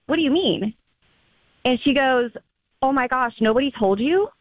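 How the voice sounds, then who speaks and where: A woman's voice: high-pitched, animated, moderate pace, narrow, tinny audio. A young adult woman calling in to a radio show, telling a personal story in a casual, chatty way with many fillers and acted-out quotes. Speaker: caller.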